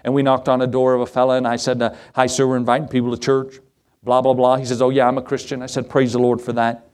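Man, middle-aged, folksy sermon, chuckling storyteller. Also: fast talker. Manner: folksy, chuckling storyteller with lively pitch swings. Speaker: pastor. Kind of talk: sermon with personal stories.

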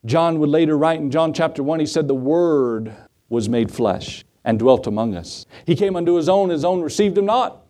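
Animated and at normal speed, a middle-aged pastor delivers a sermon in a slightly high voice with a dark, mellow tone. He quotes figures from his stories in dramatic acted voices and puts rhetorical questions to the congregation.

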